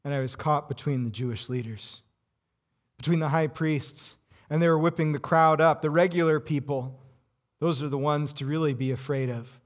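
A man's voice: fairly high pitch, normal speed, natural voice. A man playing a cornered Roman governor. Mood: anxious. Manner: intense, full of rhetorical questions. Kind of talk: dramatic first-person monologue.

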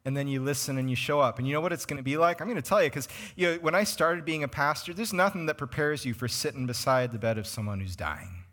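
A man preaching a sermon as a pastor, conversational and animated, speaking to his congregation in a church. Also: fairly high pitch, fast, few pauses. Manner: conversational and animated, names congregants, acts out quoted voices. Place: church sanctuary.

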